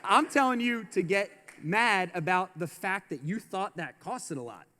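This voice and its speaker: A man with a high voice delivers a motivational business keynote in a large conference hall, and his words ring out with a long reverb. He presses his points hard, repeats his catchphrases and tosses in casual slang between them. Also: animated, measured pace, pushed and bright, a little hiss or hum. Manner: emphatic, repeats slogans, slangy asides. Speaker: keynote speaker.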